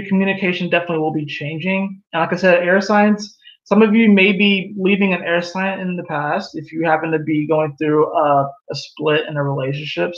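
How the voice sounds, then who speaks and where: A man giving a casual tarot reading, animated and laughing at his own jokes. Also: a little high. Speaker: tarot reader. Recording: echoey room, dull lo-fi sound.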